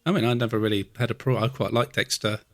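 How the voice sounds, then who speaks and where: Easygoing southern English host, low-voiced. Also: male voice, fairly even intonation, fast, fairly bright tone, no echo. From Essex, England. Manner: affable, encouraging, frequent yeahs and laughs. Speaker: podcast host. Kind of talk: casual interview chat.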